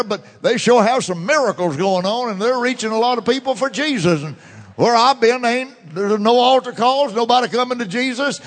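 A fervent man preaching a sermon in a church, swinging from loud declarations to hushed murmurs. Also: very high-pitched. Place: church sanctuary. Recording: long church reverb.

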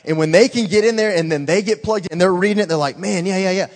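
A man giving an informal, earnest testimony to a church congregation, excitedly urging them on and filling his talk with "man". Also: sits high, fast talker, long reverb tail.

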